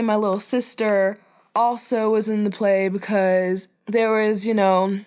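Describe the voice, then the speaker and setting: A young woman telling a personal story in a chatty, animated way, laughing now and then. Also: medium pitch.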